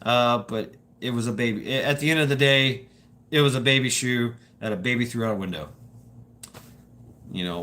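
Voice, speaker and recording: A man's voice: mid-range voice, bright, forceful tone. A man talking casually to his viewers in a rambling monologue, stammering and repeating words, swearing freely and laughing as he goes.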